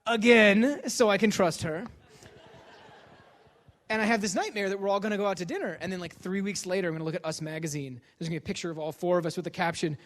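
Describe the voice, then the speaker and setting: A man giving a lecture as a comic story, animated and self-deprecating, acting out the dialogue. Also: high-pitched, fast talker.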